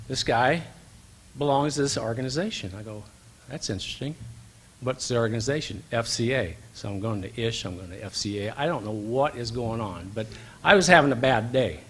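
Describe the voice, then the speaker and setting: A man giving a speech at a banquet, telling an anecdote and acting out the dialogue. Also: mid-range voice. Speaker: banquet speaker. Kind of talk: storytelling speech. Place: event hall.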